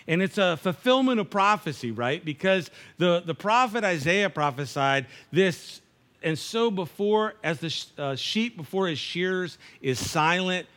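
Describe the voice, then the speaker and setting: Casting: male preacher, high voice, conversational sermon delivery. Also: a bit bright. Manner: conversational preaching, acts out dialogue, frequent restarts. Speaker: pastor.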